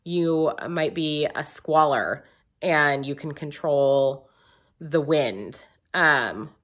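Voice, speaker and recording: A young woman with a low voice talks casually through her monthly book reviews. She rambles, restarts her sentences and fills the pauses with ums.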